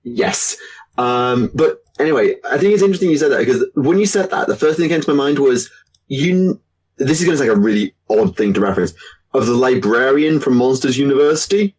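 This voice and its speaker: A husky-voiced man co-hosting a podcast, his pitch sitting in a middle range. He talks in a rambling, enthusiastic way with plenty of restarts. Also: lively intonation, a little fast, a little mellow, low-quality recording. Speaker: podcast co-host. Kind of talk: casual chat.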